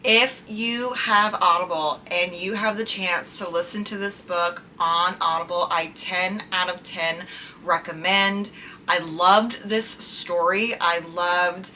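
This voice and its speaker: A woman's voice: lowish voice, fairly even intonation, takes it slowly, pushed and bright, a little hiss or hum. A young woman chatting casually about books she loved, gushing and chatty with lots of "like" fillers. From United States. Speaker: book reviewer. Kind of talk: casual chat.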